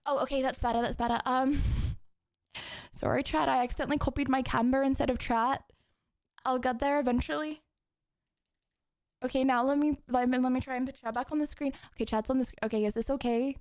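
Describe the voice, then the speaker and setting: A young woman hosting a live stream, talking casually and playfully to her viewers. Her voice sits high. She chats in a bubbly, self-teasing way and moves quickly from one thought to the next. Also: fairly even intonation, a little mellow, dry recording, studio quality. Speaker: streamer hosting chat debates.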